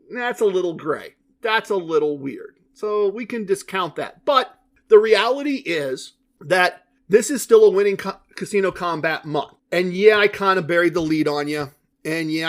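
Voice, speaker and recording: A middle-aged man hosts a solo podcast in a high-pitched, slightly bright voice. He's chatty and self-deprecating, correcting himself as he goes, and turns mock-boastful in a put-on triumphant tone.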